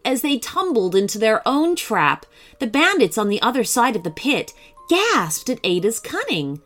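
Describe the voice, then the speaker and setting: A woman narrating a children's story in an expressive, animated way, with soft music behind. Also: a little high, normal speed.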